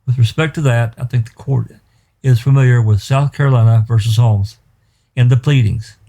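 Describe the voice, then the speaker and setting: Male lawyer for the state citing cases to the judge, formal, deep dark tone, trips on repeats. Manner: formal, briskly cites case law, stumbles on repeats. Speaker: special prosecutor. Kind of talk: courtroom legal argument. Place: courtroom.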